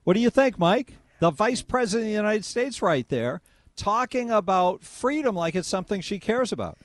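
A man hosting a call-in radio talk show, animated and sarcastic as he talks with his guest. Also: sits high, moderate pace, no echo.

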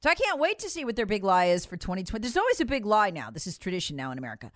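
A woman's voice: mid-range voice, wildly swooping pitch, racing, dry recording. Woman, talk radio host, impassioned, mocking, dry studio mic. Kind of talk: political talk radio commentary.

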